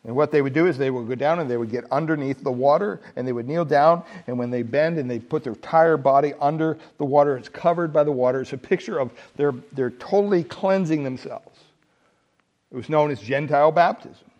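A man's voice: on the high side, brisk, highs cut off. A man preaching a sermon as pastor, telling stories and building to emphatic peaks. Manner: animated storytelling, rising to emphatic peaks.

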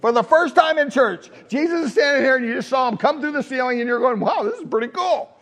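A male pastor giving a Sunday sermon, animated and humorous, asking the congregation rhetorical questions. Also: extremely high pitch, quick pace.

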